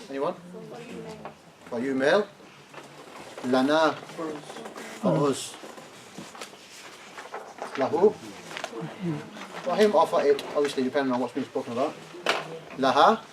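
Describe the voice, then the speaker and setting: A man teaching a classroom lesson who keeps asking "yeah?" and prompts his students to translate. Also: mid-range voice. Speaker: Arabic teacher. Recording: distant classroom recording, faint noise.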